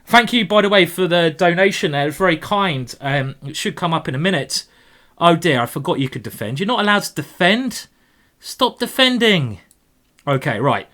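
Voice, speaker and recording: A man commentating live on his own blitz chess games, excitable and playful, teasing his opponent out loud. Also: on the high side, normal speed. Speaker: chess streamer.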